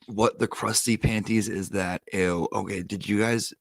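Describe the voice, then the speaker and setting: A man hosting a casual livestream, reading viewer comments and telling stories in an animated way. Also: fairly low pitch, moderate pace, gravelly, dry recording. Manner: animated storyteller, reads viewer comments aloud. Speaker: live stream host.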